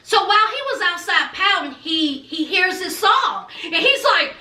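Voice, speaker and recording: A woman's voice: very high-pitched, lively intonation, a little slow, few pauses, sharp tone, recorded from a distance. A woman vlogger recapping a TV episode in a dramatic, chatty way, acting out the characters' lines and calling the listener honey and child. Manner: dramatic storytelling, says honey and child a lot, acts out lines. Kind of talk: animated casual recap. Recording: roomy sound, a little off-mic.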